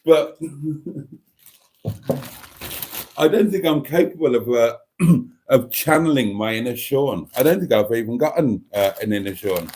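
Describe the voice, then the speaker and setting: A Welsh man hosts a relaxed live stream, chatting and poking fun at himself with frequent laughs. His voice sits at a middling pitch but swings widely and expressively. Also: takes it slowly, pauses often, slight background noise. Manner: chatty, self-mocking, laughs often. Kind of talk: casual live stream chat.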